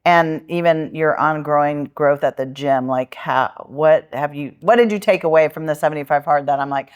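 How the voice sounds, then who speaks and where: A woman's voice: low-pitched, moderate pace, clear, resonant tone. A woman hosting a casual podcast interview, chatty and asking rambling follow-up questions. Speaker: podcast host, gym trainer.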